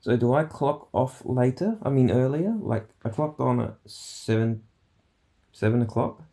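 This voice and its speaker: Gravelly man telling work stories. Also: medium pitch, measured pace, dark tone. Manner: rambling, swears, acts out coworkers' quotes. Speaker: vlogger recounting his workday. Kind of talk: casual storytelling vlog.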